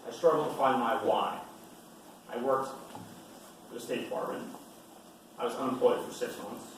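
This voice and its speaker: A man's voice: mid-range voice, moderate pace, a little hiss or hum. A man giving a motivational talk to students, driving his points home by repeating them. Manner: emphatic, repeats key points. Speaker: retired Navy SEAL speaking to students. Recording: echoey hall from far off.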